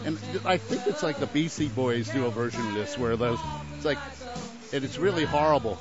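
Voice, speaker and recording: A man's voice: mid-range voice, animated, a little fast. A young man from New Haven, Connecticut, hosting a radio show with rambling, jokey patter and bursts of singing along. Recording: dull lo-fi radio audio. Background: clear music.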